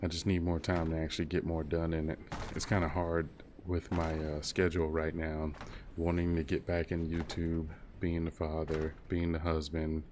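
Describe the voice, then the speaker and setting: A man's voice: a bass voice, monotone, moderate pace, background noise. A man in his thirties chatting casually while gaming on a stream, rambling and laid-back. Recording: keyboard clicks and typing behind.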